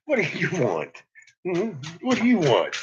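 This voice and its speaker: A man's voice: high voice, wildly swooping pitch, unhurried. A man chatting to viewers on a live stream, rambling and swearing heavily. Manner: profane, rambling, heavy cursing. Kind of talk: casual live-stream chat. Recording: dull lo-fi recording.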